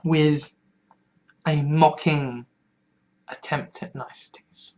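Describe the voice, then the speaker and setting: A speaker talks quietly into a vlog, stopping and restarting and repeating words. The voice sits mid-range and moves slowly, and at times it sinks almost to a whisper. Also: mid-range voice, steady tone, poor audio. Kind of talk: confessional vlog monologue.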